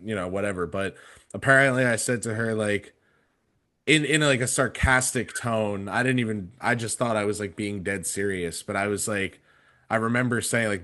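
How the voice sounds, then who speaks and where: A man's voice: fairly low pitch, moderate pace, pushed and bright. A man in his twenties casually telling a story on a podcast, rambling with many fillers and restarts. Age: 20s. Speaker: podcast panelist.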